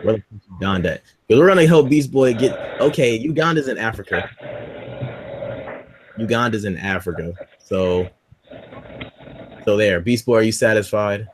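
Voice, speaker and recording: A man co-hosting a podcast in casual chat, loud and teasing, swearing often. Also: on the low side, normal speed, long pauses, slight background noise, poor audio. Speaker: podcast co-host.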